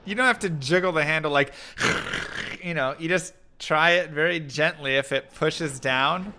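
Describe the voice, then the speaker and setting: Bright, lively man chatting on stream. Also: fairly high pitch, a little slow, clear, resonant tone. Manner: animated, laughing, storytelling. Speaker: livestream gamer host. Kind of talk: casual chat while gaming.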